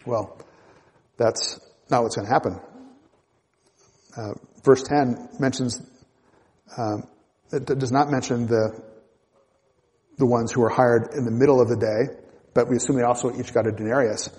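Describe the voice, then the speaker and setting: A man reading Bible verses aloud and explaining them in a measured, reflective way, with small restarts. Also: mid-range voice, steady tone, a little mellow, long reverb tail. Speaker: Bible teacher.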